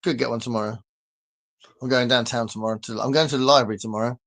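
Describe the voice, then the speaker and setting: A man's voice: mid-range voice, fairly even intonation, fast talker, creaky, a bit bright. A man with a southern English accent chatting casually on a live stream, rambling loosely and reading out viewer comments. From southern England. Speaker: livestream host reading comments. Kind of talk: casual chat.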